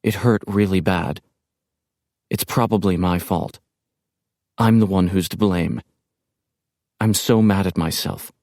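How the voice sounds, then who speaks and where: Brief: a terrified young woman's diary voice, read plainly by a deep-voiced man, dry and close. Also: dry recording. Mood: desperate. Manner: low, slow, even reading. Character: frightened young woman writing a desperate diary. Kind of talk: audiobook narration.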